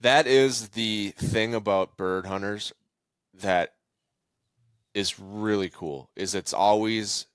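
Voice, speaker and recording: A man's voice: on the low side, takes it slowly, clean tone, no room sound, studio quality. Easygoing male podcast host. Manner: relaxed and friendly, laughs along, retells stories with voiced quotes. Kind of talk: casual conversational podcast.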